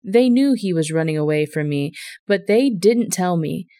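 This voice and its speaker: A woman voicing an angry, paranoid male king who shouts accusations at his men. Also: fairly low pitch, expressive, moderate pace, clean tone, no room sound, clean studio sound. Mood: accusing.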